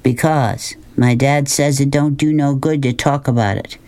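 A man's voice: medium pitch, steady tone, unhurried, voice pushed up, natural voice. Man voicing a shy, guarded young boy. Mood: reluctant. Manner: quiet, reluctant, plain-spoken.

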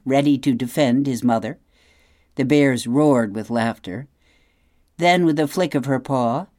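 Middle-aged lady reading a kids novel on the radio, expressive, talks right to you. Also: extremely low pitch, no room sound, studio quality. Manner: expressive, addresses the listener. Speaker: radio reader and host.

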